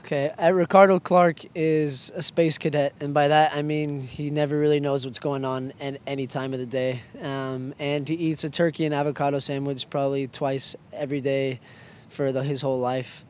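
Young man, soccer player guest, jokey and teasing, higher voice held in a narrow band. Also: little pitch movement, normal speed, hardly any pauses. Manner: playful, joking, self-mocking. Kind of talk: casual quick-fire interview answers.

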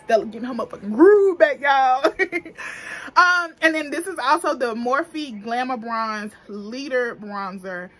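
A woman's voice: high-pitched, expressive, normal speed, few pauses, fairly bright tone. A young adult woman talking in African American Vernacular English, chatty and profane, reviewing makeup in a casual vlog. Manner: chatty, slangy, profane, laughs often. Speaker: beauty vlogger.

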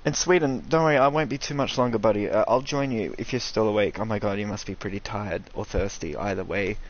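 A young man doing casual, sweary commentary over a video game, ranting and excitable. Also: on the low side, fast talker, muffled recording. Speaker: gaming streamer.

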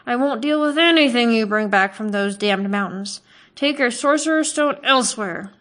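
A woman's voice: a little high, lively intonation, unhurried, a bit bright. A woman reading aloud and voicing a small, suspicious male village butcher who talks in a scornful, sarcastic and snappish way. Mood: angry.

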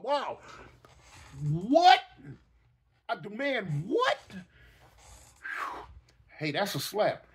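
A middle-aged man telling a story casually, animated and repetitive, with sound effects and hiccups. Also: high-pitched, breathy edge.

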